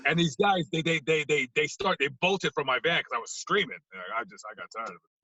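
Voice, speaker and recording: Man on a podcast, bright forceful tone, slightly high, acts out every scene. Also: expressive, fast, slightly rough, dry recording, muffled recording. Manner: acts out scenes, swings from hushed to loud. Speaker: podcast guest. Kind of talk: animated storytelling.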